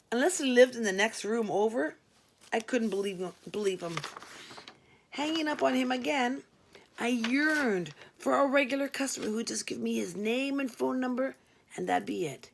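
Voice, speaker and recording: A woman's voice: on the high side, moderate pace, vocal fry. A woman narrating a first-person story in a dry, wry manner. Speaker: audiobook narrator.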